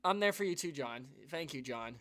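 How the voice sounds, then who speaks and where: This is a man with a voice a touch higher than most, hosting a live stream for his viewers. He talks in an earnest, rambling way, restarting sentences and sighing. An emotional weight runs through his talk. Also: animated, normal speed, a bit bright. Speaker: YouTube channel host.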